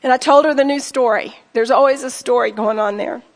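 A woman's voice: a little high, a little fast. A middle-aged woman giving an earnest, heartfelt personal testimony, speaking directly to her listeners. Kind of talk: emotional personal testimony to an audience. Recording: long hall reverb.

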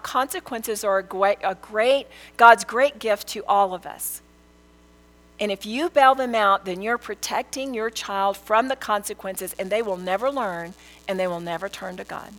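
A woman's voice: medium pitch, moderate pace, rough recording. A middle-aged woman, teaching a sermon with earnest storytelling. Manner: earnest, storytelling, lively quoted prayers. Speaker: Bible teacher.

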